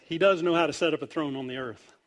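High-voiced preacher, animated and playful. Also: male voice, fast. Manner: animated storytelling, acts out quoted voices, wide swings in loudness. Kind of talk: humorous sermon.

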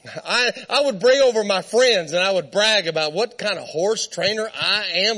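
High-voiced preacher telling a laughing story. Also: male voice, normal speed. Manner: lively, laughing, conversational, talks to the crowd. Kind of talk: storytelling sermon.

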